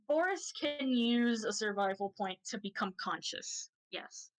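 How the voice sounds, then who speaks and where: A woman's voice: medium pitch, expressive, measured pace, hardly any pauses, poor audio. A woman narrating as game master of a tabletop game, casual and rambling, often laughing. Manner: casual, giggly, loose and rambling.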